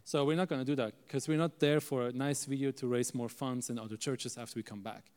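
A male preacher telling a story in an animated sermon, calling out to the audience for amens. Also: mid-range voice, fairly quick, smooth. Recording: echoey hall.

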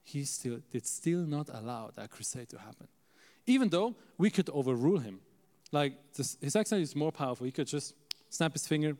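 A male preacher telling a story in an animated sermon, calling out to the audience for amens. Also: on the high side, fairly quick. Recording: echoey hall.

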